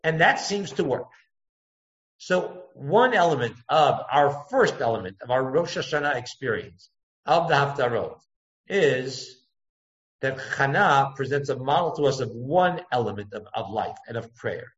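A man's voice: animated, measured pace. Man teaching a text class, echoey room. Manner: thoughtful, digressive, acts out quotes with pitch jumps. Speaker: Torah teacher. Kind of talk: text-study lecture. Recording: echoey room, dull lo-fi sound.

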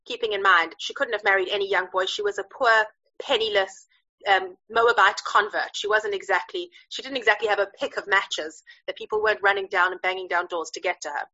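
Woman teacher, Bible lesson, animated storytelling, bright husky voice, dull lo-fi sound. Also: mid-range voice, brisk. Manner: lively, chatty, hesitant with fillers.

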